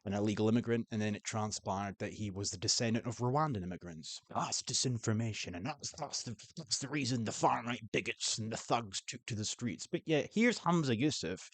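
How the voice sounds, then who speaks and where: A man's voice: lowish voice, brisk, hardly any pauses, dry recording. Blunt, sweary man. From Scotland. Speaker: political commentator. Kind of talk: opinionated commentary.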